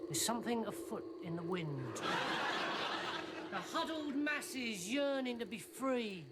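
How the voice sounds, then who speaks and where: Dopey eager private, highish voice, noisy tv audio. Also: male voice, very animated, slow pace, full character voice. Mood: earnest. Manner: simple-minded, earnest, keeps saying sir. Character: dim-witted lowly male soldier, eager servant. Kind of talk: sitcom acting. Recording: noisy TV audio with studio laughter.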